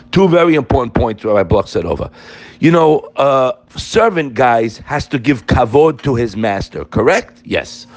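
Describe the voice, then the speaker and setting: A man gives an informal Torah class in a medium-pitched voice. He speaks to his listeners directly, and his pitch swings widely as he presses each point. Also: slightly rough. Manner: animated and emphatic, addressing listeners directly.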